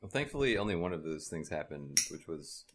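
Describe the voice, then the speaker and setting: A low-voiced man with a bright, forward tone tells a crude story in relaxed podcast chat. He swears freely and grows loud and animated as the story builds. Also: fairly quick. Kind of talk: casual chat.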